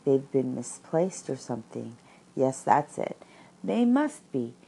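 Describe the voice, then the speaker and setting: A woman voicing a timid, anxious young male piglet who talks in a squeaky, nervous way. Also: big pitch swings, slow pace, vocal fry, mellow, husky, exaggerated voice. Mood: flustered.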